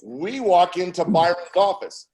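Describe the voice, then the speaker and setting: A man telling a story with a lot of excitement. His voice sits a touch high and keeps building until it bursts into shouts and laughter. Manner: animated, fast-building, breaks into shouts and laughter. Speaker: artist guest. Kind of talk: excited storytelling on a video call.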